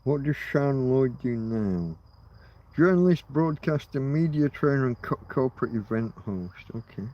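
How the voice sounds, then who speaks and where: A man's voice: mid-range voice, lively intonation, a little slow, muffled recording. Rambling middle-aged man musing aloud. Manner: rambling, muses aloud and swears casually. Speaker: livestream host. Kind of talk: rambling casual livestream chat.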